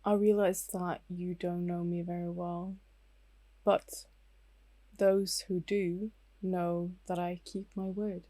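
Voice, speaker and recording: A woman player speaking in character in a calm, measured way during a tabletop game. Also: fairly low pitch, no room sound. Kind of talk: in-character tabletop role-play.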